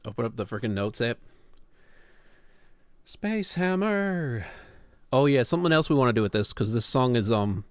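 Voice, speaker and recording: A man's voice: medium pitch, fast, hardly any pauses, dry recording, studio quality. A middle-aged man streaming live, chatting casually and rambling to himself as he works on a song, with some mild swearing. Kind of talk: casual live-stream chat while songwriting.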